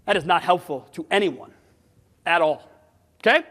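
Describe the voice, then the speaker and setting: A man giving a conference talk, blunt and animated, throwing rhetorical questions at his audience. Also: high voice, measured pace, long pauses. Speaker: sales management conference speaker. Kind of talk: conference presentation. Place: conference hall. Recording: long hall reverb.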